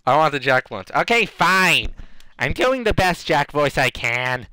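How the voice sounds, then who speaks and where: A man's voice: on the high side, sing-song, measured pace, bright, forceful tone, a little hiss or hum. A man streaming a game, chatting casually and joking about his own attempts at character voices.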